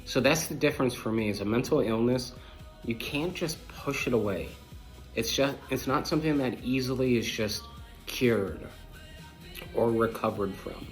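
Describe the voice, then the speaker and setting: A man's voice: mid-range voice, moderate pace, faint music behind. A man hosting a podcast, talking bluntly and repetitively in a scattered, manic way, jumping from thought to thought. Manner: repetitive, emphatic, jumps between thoughts; blunt and preachy toward listeners. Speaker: podcast host. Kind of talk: casual monologue to viewers.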